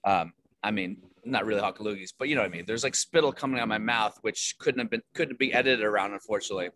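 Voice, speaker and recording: A man's voice: lowish voice, fast talker, a bit bright. A man, an actor, telling rambling self-deprecating stories in a casual interview, with many fillers and restarts. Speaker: actor guest.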